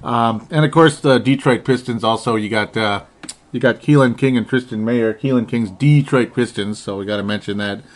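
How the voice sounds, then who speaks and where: Male podcast co-host, casual chat, loose and jokey, middle pitch. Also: moderate pace. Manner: rambling, laughs often, jokey.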